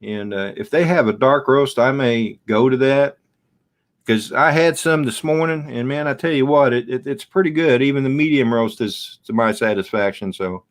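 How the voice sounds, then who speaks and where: A middle-aged man hosting a casual live stream from home, rambling and chatting back to viewer comments in front of his camera. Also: mid-range voice. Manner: slow, rambling, reads out and answers viewer comments. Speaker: livestream host.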